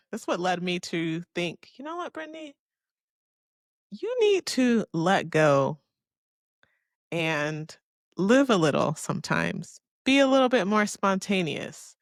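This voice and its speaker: A woman's voice: fairly low pitch, no room sound, studio quality. A young adult woman from Miami hosting a casual solo podcast, telling a story in a candid, chatty way, cursing freely and talking to herself. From Miami, Florida. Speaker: podcast host.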